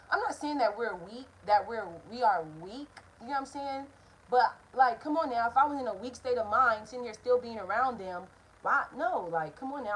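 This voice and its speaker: A woman's voice: fairly high pitch, a bit bright, slightly rough, poor audio. A young woman telling a casual storytime vlog, rambling, blunt and profane, drifting off topic while talking straight to her viewers. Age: young adult. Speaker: vlogger.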